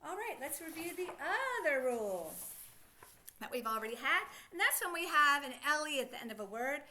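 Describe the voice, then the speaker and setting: Bright, high-voiced patient woman teacher. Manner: slow, encouraging, sing-song prompting questions. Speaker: phonics teacher. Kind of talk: slow, patient teaching to children.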